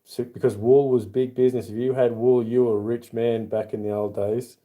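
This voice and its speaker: Aussie bloke on a livestream, real dark mellow voice, chatty and rambling, reads out chat names. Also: male voice, medium pitch, little pitch movement, moderate pace. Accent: Australian. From Australia. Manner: rambling and friendly, answers chat by name, says mate. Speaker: livestream host.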